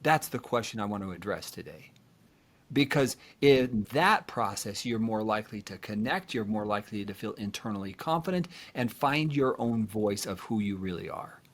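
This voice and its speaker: This relationship podcast is hosted by a male therapist with a lowish voice who speaks at a moderate pace. He walks through explanations while speaking directly to his listeners.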